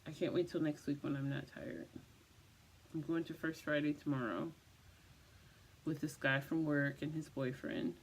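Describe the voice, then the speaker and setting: A woman's voice: sits low, fairly even intonation, normal speed, pauses often, husky. A tired woman vlogging casually, rambling through the story of her day and repeating "I was just like" as she retells it. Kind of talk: casual personal vlog.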